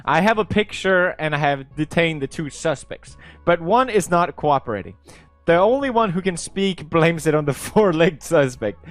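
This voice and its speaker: Young man, from Sweden, playful, sarcastic, laughs a lot, slightly high pitch, dry close sound. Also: dry recording. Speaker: YouTuber reading posts. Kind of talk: casual commentary reading posts.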